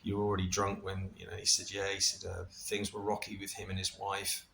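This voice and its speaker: A middle-aged man casually recounting a personal experience, animated and full of restarts, with laughter and the odd swear. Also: low-pitched, brisk, creaky, slight background noise. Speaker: vlogger recounting a ceremony experience.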